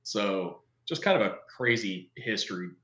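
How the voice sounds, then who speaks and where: Man, 40s, podcast guest, casual storyteller, animated, roomy echo. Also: fairly low pitch, moderate pace, slight background noise. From United States. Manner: animated, acts out quoted voices, swears freely. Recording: echoey room.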